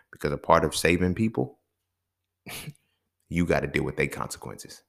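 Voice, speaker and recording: Speaking at normal speed with frequent pauses, a man runs an unscripted solo podcast in an extremely low, fairly bright voice with lively intonation and vocal fry. He's blunt and profane, often working up to emphatic rants, and checks in with the listener regularly.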